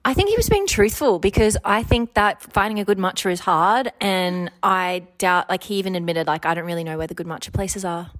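A woman co-hosting a podcast, telling stories excitably and acting out quotes. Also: medium pitch, a little fast, hardly any pauses. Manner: excitable storytelling, acts out quotes. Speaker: podcast co-host. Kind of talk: casual chat.

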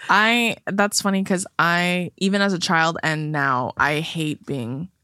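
A woman's voice: on the low side, fairly even intonation, slow, pushed and bright, clear, resonant tone, no room sound, clean studio sound. A woman in casual podcast chat, blunt and salty, acting out what she would say. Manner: blunt, swears freely, acts out quotes. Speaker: podcast guest.

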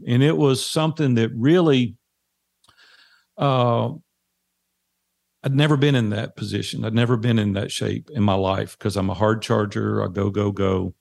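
A man's voice: lowish voice, fairly even intonation, moderate pace, creaky, a little mellow, no echo, clean studio sound. A man in his forties telling a personal story in an earnest, plain conversational way, with frequent fillers.

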